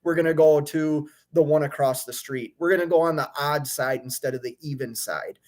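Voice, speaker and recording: A man's voice: fairly high pitch, normal speed, darkish tone. Fed-up trucker man venting on a live stream. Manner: frustrated, fired up, venting with many restarts. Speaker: owner-operator truck driver streaming live. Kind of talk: live stream rant and chat reading. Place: hotel room.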